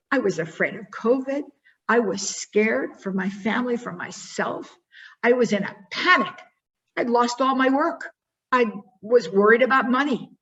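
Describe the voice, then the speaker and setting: A woman giving a motivational talk, telling a personal story expressively and then guiding listeners through a slow reflection. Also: fairly high pitch, fairly bright tone, muffled recording. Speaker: keynote speaker.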